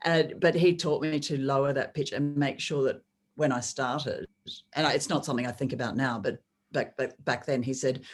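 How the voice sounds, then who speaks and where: Australian woman sports presenter, really deep voice, measured and thoughtful, laughs easy. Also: steady tone. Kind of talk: podcast interview.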